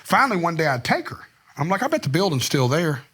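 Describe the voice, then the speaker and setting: A man's voice: fairly high pitch, sing-song, quick pace, a bit bright, breathy edge. A man, a guest musician telling stories in a candid, rambling, slangy way full of "like" fillers, recorded on a studio microphone. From Tennessee, US. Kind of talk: casual storytelling interview. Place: podcast studio.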